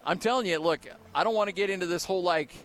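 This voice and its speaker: Excited male postgame radio broadcaster. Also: high voice, fast talker. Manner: excited, then thoughtful stat recap with fillers. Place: arena radio booth.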